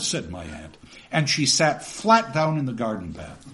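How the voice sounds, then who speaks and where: Animated male lecturer reading aloud. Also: medium pitch, a little slow. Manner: animated, chatty asides ending in "okay?".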